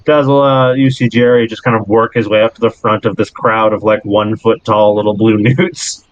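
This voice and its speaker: A man's voice: fairly low pitch, little pitch movement, normal speed, dry recording. A man running a tabletop game as game master, narrating descriptively with fillers and chuckles. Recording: dry, muffled lo-fi audio.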